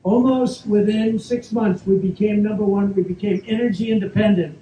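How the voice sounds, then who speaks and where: High-pitched yet dark in tone, a male politician fields audience questions at a moderate, steady pace in a private club's event hall. He rambles, brags and circles back to the same points with frequent asides. The audience recording is echoey and muffled, carrying faint noise.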